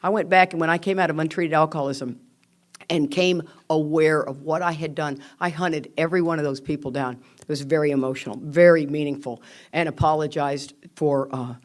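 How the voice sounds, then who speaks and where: An older woman giving a candid, lively talk to a recovery meeting. She reads out quotes and acts out the people in her stories. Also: low voice.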